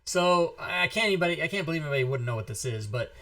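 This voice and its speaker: Animated, profane male show host. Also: a little high, quick pace. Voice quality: animated, profane, shouts when reenacting. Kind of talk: casual storytelling and giveaway.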